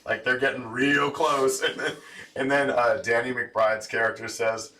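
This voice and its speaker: Bright-voiced man telling a story. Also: mid-range voice, a little slow, far from the mic. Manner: animated storyteller, laughs while retelling scenes. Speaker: podcast co-host. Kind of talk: casual chat.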